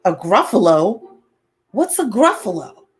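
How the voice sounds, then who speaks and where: A woman's voice: mid-range voice, sing-song, a little slow, breathy edge, faint music behind, exaggerated voice. A woman voicing a nervous male owl in a storybook read-aloud, hooting and flustered.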